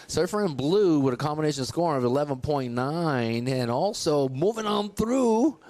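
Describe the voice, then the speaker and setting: A man's voice: a little high, animated, normal speed, darkish tone, slight background noise. A man commentating a live surf contest, joking and teasing his co-host between heats. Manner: playful, teasing banter.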